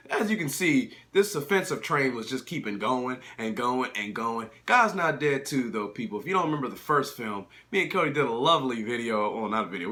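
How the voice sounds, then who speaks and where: A man's voice: medium pitch, pushed and bright. A young man reviewing films in a casual, profane, exasperated rant. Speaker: film reviewer.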